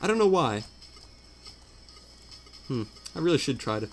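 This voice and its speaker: A man's voice: a little high, sing-song, measured pace, pauses often, slight background noise. Rambling, self-mocking young-sounding man. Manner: self-deprecating, hesitant, many fillers. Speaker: let's play commentator. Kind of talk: rambling casual chat. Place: home room.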